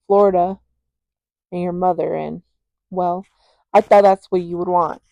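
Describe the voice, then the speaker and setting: A woman reading the lines of a calm, brooding young man in a quiet, grave way, close to her own voice. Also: fairly low pitch, a little slow, creaky, dry recording.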